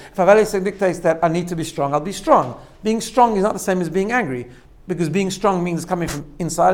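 A man giving a spoken lesson, explaining step by step with frequent "right?" checks and repeated phrases. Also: sits high. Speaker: teacher. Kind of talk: spoken lesson on self-growth.

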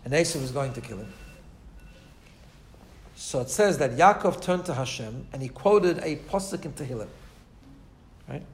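A man's voice: medium pitch, lively intonation, normal speed, long pauses. A man giving a Torah class with an Orthodox Jewish English and Ashkenazi Hebrew accent. He talks in a chatty way, repeats words and keeps asking "right?". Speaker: Torah teacher.

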